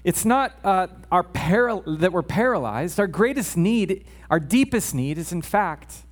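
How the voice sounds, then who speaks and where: High-voiced chatty male preacher. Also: lively intonation, a little slow. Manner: chatty, joking asides, frequent "okay?" check-ins. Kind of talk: casual sermon. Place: church.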